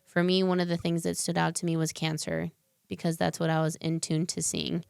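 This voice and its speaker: A woman's voice: on the low side, level tone, a little fast, vocal fry, a little mellow, clean tone, no echo, studio quality. A young adult woman as a podcast guest, talking earnestly in long winding explanations with fillers. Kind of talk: casual interview conversation.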